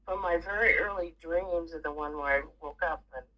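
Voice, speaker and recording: A middle-aged woman chatting casually with family, telling stories with lively swings and the odd curse. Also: on the low side, normal speed, lo-fi sound. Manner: animated storyteller who swears freely. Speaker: aunt.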